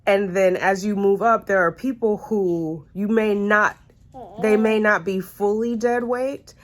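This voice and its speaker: A woman vlogger talking casually to camera about relationships, a bit congested, chatty and rambling with asides and self-corrections. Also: on the low side. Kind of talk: casual advice chat to camera. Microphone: phone camera.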